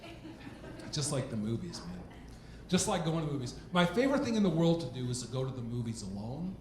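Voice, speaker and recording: A man doing a stand-up comedy set on stage, animated and mock-indignant, acting out quick exchanges in quoted voices. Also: medium pitch, noisy background. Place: comedy club stage with a laughing audience. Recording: roomy club sound with loud audience laughter. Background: audience laughter.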